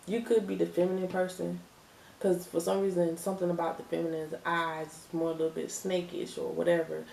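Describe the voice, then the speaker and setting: A woman's voice: fairly low pitch, lively intonation, brisk, gravelly, darkish tone, slight background noise. A woman giving a casual tarot reading, chatty and emphatic, repeating her phrases and laughing often. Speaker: tarot reader. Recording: echoey room, distant mic.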